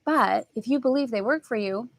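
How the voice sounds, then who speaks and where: Animated middle-aged woman, dry close sound. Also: fairly high pitch, normal speed, vocal fry, dry recording. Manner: animated storytelling, acting out family voices. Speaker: host. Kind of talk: spiritual lesson talk.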